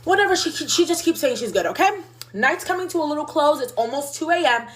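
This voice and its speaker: An animated woman in her mid-twenties rambling through a storytime, leaning on fillers and quoting everyone. Her voice sits on the higher side and swings widely in pitch. The delivery is casual and chatty. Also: a little fast.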